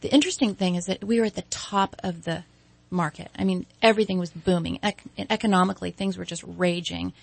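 A woman in her forties, a guest event designer, chatting in an interview and telling lively stories. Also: fairly low pitch, fast talker, vocal fry, no room sound. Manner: animated storyteller, acts out quoted voices. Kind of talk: casual interview chat.

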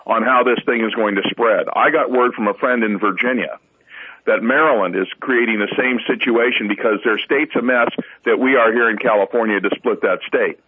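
A man appearing as a guest on political talk radio, speaking emphatically and exhorting listeners. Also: mid-range voice. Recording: husky phone-line call-in audio.

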